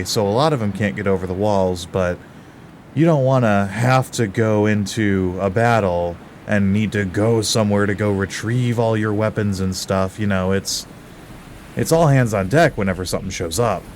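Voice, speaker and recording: A man's voice: on the low side, moderate pace, a little mellow, slight background noise, natural voice. A man playing a friendly, rambling town guard in a tabletop game. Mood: easygoing.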